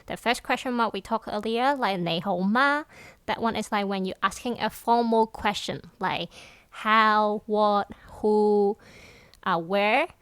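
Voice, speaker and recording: A woman co-hosting a casual language lesson, explaining slowly with lots of fillers. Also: mid-range voice, a bit bright, smooth, dry recording. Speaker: podcast co-host teaching Cantonese.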